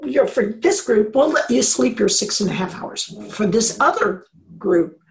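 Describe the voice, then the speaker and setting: A woman's voice: a little high, unhurried, creaky, rough recording. A middle-aged woman, an engineering professor, explaining in an interview and acting out little quoted voices. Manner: animated explainer, acts out quotes. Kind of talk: conversational interview.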